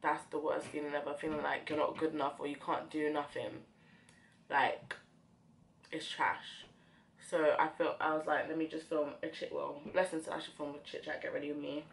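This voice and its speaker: A young woman chatting to camera while doing her makeup, tearful and hesitant, with many fillers, recorded at home. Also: low voice. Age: young adult. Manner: soft, hesitant, full of fillers. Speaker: beauty vlogger.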